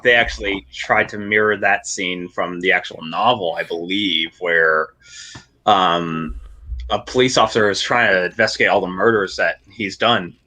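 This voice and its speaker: A man with a bright, forward voice, talking as a guest in a casual movie review chat. He laughs often and acts out his own reactions in quotes. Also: low-pitched, fairly even intonation, moderate pace. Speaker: guest, martial artist and filmmaker.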